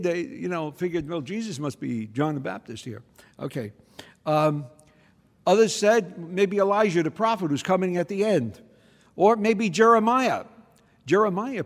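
A man with a slightly high voice preaches a teaching homily in a church. He talks conversationally and keeps checking in with the audience. Long reverb from the hall trails his words. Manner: conversational, checks in with the audience by asking "okay?" and "hmm?".

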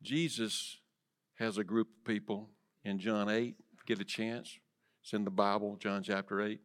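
Man preaching, loud to whispered. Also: on the low side, flat delivery, measured pace. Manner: dynamic preaching, swinging from loud emphasis to soft whispers. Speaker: pastor. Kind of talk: sermon. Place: church sanctuary.

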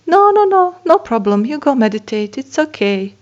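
A woman voicing a sweet, humble male cleaner who gently and calmly reassures a visitor. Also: medium pitch, moderate pace, husky. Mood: reassuring. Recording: dull lo-fi sound.

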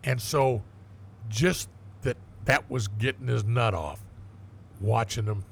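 A man's voice: medium pitch, takes it slowly, gravelly, slight background noise. An older man, a former police detective, telling blunt, profane stories in a casual interview and acting out the dialogue.

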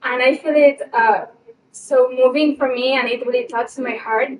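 High-voiced fan, halting English. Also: female voice, fairly even intonation. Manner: emotional, halting non-native English. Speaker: fan asking a question. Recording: distant mic with faint background noise.

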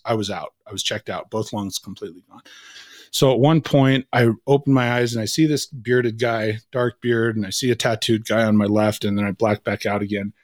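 A man in his forties, a podcast guest, telling a personal story with vivid quoted dialogue and dropping to a hushed tone at intense moments. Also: mid-range voice, dry recording, studio quality. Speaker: podcast guest, leadership coach.

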